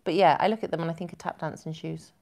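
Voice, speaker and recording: Casting note: woman, low voice, giggly rambling live-stream host reading comments. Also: steady tone, quick pace, gravelly, darkish tone. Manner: chatty and giggly, rambling with self-corrections.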